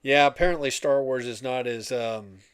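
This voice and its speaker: An older man co-hosting a podcast in casual chat, joking and quick to laugh. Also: mid-range voice, clear, resonant tone, no echo, studio quality. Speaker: podcast co-host.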